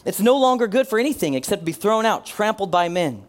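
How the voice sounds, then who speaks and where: A male pastor delivers a sermon in an earnest preaching voice that sits a little higher than most men's. He leans into key phrases by slowing down and letting his voice fall quiet, then calls on the congregation to repeat lines back to him. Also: sing-song. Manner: earnest preaching, slows and drops his voice for emphasis; leads the congregation in call-and-response.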